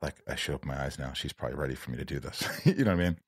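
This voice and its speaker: A man's voice: very deep voice, racing, slightly rough, no echo, studio quality. A man hosting a podcast, telling a personal story in casual chat and acting out the dialogue. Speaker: podcast host.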